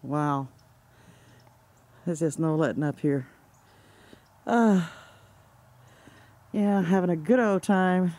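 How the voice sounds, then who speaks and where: A man with a fairly high voice talks slowly, agitated and exasperated, swearing now and then. He is outdoors, recording through a handheld camera's built-in mic. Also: a little mellow. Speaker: amateur video maker. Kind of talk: handheld filming commentary. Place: outdoors under open sky.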